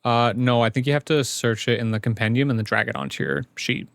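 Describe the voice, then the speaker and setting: A man runs a tabletop game as its game master, narrating what characters do and calling for checks. He is casual, breaking into laughter and filling pauses with "uh". His voice is medium in pitch, dry and close to the mic. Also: fairly even intonation, gravelly, a bit bright, dry recording. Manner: casual, laughing, filler-heavy.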